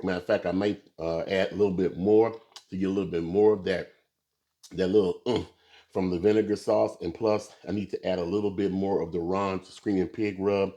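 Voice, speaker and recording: A man with a low, mellow voice hosts a laid-back barbecue video outdoors at his grill. He chats to viewers in a relaxed way, dropping plenty of "uh"s as he works. His tone stays dark and unhurried. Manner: relaxed, talks to viewers with many fillers. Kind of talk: casual cooking demonstration.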